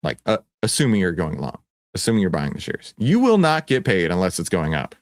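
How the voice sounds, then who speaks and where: A man with a Texan accent hosting a livestream, playful and teasing, often jumping to excited shouts. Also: sits low, a little fast, no echo. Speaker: livestream host. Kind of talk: animated livestream presentation.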